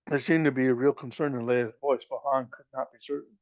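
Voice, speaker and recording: A man reading a novel aloud, halting and restarting as he goes. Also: medium pitch, fairly even intonation, dry recording, muffled recording. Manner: halting, with frequent restarts and slips. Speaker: reader.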